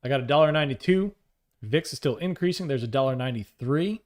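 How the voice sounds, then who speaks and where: A man's voice: medium pitch, lively intonation, fast talker. A man on a live trading stream, calling out prices, coaxing the market and joking with chat. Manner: talks to the market and reads chat aloud, joking and upbeat.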